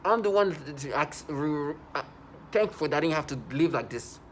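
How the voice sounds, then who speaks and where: A man's voice: on the high side, a little fast, a little hiss or hum. A man delivering a rambling personal vlog monologue, agitated, with frequent restarts and self-corrections. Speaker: vlogger.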